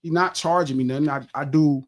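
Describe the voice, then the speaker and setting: A man's voice: on the high side, brisk. A middle-aged man hosting a podcast, telling a long casual story with lots of swearing and acting out what he said to others. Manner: profane, animated, acts out his own quotes. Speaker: podcast host.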